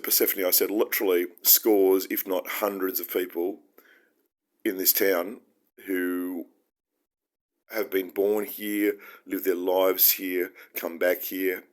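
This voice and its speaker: An Australian man hosting his own show, talking through his feelings in an earnest, heartfelt and rambling solo monologue. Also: low-pitched. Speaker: podcast host.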